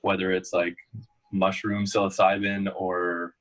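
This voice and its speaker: A man's voice: deep voice, flat delivery, a little slow, fairly bright tone, poor audio. A young man, a guest in a casual interview, telling rambling stories full of fillers. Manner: storytelling, loose and rambling with many fillers.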